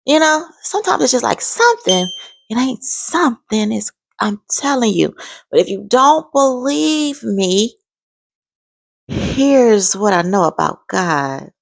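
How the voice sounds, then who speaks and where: A woman's voice: a little high, very animated, slow, vocal fry, dry recording. A woman in her forties sharing an emphatic, heartfelt faith testimony in a vlog. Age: 40s. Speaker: vlogger.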